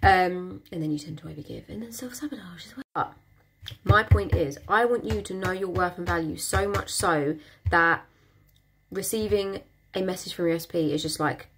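A woman's voice: on the low side, brisk, slight background noise. A young woman coaching her viewers in a casual, emphatic motivational talk, blunt and sweary, stacking repeated phrases for emphasis. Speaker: manifestation coach.

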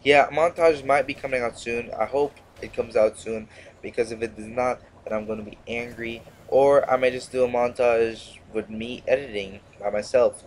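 A man's voice: medium pitch, a little mellow, a little hiss or hum. A teenage male gamer giving casual, rambling commentary over his gameplay, sarcastic and often cutting himself off. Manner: rambling, sarcastic, self-interrupting. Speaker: gaming commentator.

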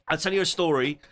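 A man in his forties with a London accent talks through a laid-back live guitar session. His voice is bright and sits a little high, and his manner is joking and self-deprecating. He chats informally with his viewers. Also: vocal fry. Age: 40s. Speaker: guitarist streamer. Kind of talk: casual live-stream chat.

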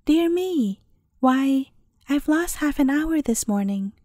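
A woman's voice: sits high, animated, takes it slowly, warm tone, no echo, studio quality. A woman doing a merry young princess. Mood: amused.

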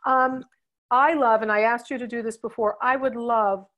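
A woman with a New York accent hosting an interview, chatting warmly and affirming her guest over a video call. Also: on the high side, fairly even intonation, normal speed, dull audio. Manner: warm, effusive, affirming. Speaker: host. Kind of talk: casual interview chat.

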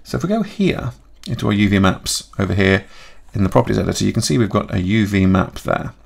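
A man talking through a software tutorial in a chatty way, thinking aloud and correcting himself as he goes. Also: lowish voice, lively intonation, quick pace, gravelly. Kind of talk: screen-recorded software tutorial.

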